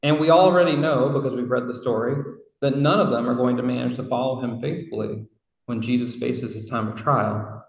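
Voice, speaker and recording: A man's voice: mid-range voice, fairly even intonation, brisk. A man preaching a sermon in a reflective, conversational way, with casual asides. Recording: roomy hall from far off.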